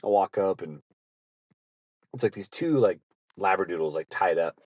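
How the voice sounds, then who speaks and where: A man with a fairly low voice hosts a podcast, telling rambling stories in a casual way. He swears freely and laughs often at his own tales. The sound is dry, with no room echo. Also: normal speed, a little mellow. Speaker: podcast host. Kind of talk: casual storytelling.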